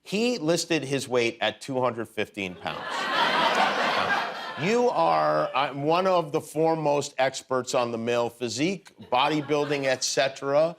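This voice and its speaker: A man hosting a talk show, asking joking questions with some halting restarts. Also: mid-range voice, animated, crowd noise. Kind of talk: casual chat. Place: TV studio with audience.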